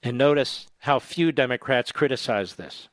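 A man's voice: mid-range voice, expressive, moderate pace, dry recording, studio quality. A man hosting a political talk radio show, speaking in a combative, emphatic monologue.

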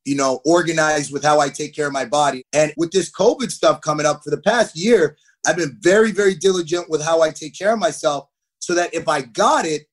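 A man in his thirties, a hockey player telling stories as a podcast guest, animated and acting out what people said. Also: on the high side, fairly quick. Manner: animated, acts out quotes. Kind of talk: podcast interview, storytelling.

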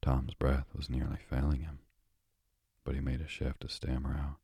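Sleep-story narrator, male, soft and drowsy, deep monotone, dry close sound. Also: moderate pace, slightly rough, no room sound. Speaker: bedtime story reader.

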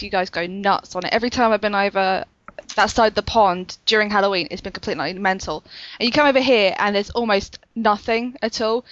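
A woman's voice: medium pitch, a bit bright, no echo, dull audio. A woman hosting a casual gaming podcast, chatty and full of fillers, laughing often. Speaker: podcast host. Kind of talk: casual chat.

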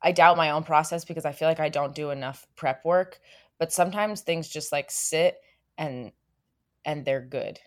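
A woman's voice: low-pitched, normal speed. A woman, a stage actor, chatting casually in an interview, talking freely with many fillers and restarts.

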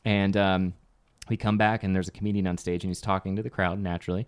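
A man co-hosting a podcast, telling a story in casual chat with an animated delivery. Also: fast, smooth. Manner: animated storyteller, reads sponsor ad with playful pitch. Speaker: podcast co-host.

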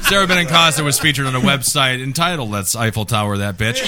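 A man's voice: mid-range voice, quick pace, very noisy. A man hosting a comedy podcast, joking crudely and laughing with his guests. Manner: animated, laughing, crude jokes. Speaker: podcast host.

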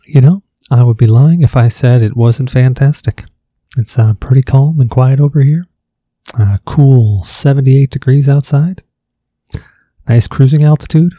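Laid-back guy hosting a podcast, rambly and jokey, really dark tone. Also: mid-range voice, a little slow, breathy edge, no room sound. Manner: joking, rambling. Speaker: podcast host. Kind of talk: casual chat.

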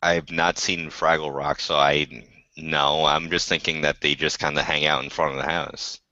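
A man's voice: a bass voice, little pitch movement, normal speed, sharp tone, no room sound, highs cut off. A man co-hosting a podcast, defending his point in casual banter and laughing along. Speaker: podcast co-host.

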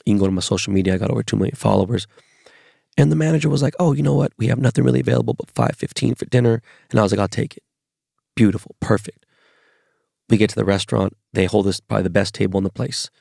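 A man with a low, heavily gravelly voice tells a rambling, profanity-laced story in a casual monologue. The sound is close and dry. He comes from Los Angeles and talks like a podcast host chatting with his listeners. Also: racing, darkish tone, dry recording.

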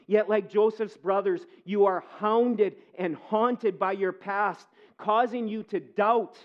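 A man preaching a sermon as pastor, earnest, moving between quiet reflection and impassioned pleading. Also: high-pitched, muffled recording.

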